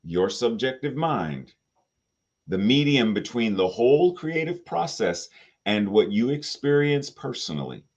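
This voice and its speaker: Man preaching an animated, unhurried sermon. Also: mid-range voice, muffled recording. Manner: expressive, rhetorical questions, playful asides. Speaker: spiritual director.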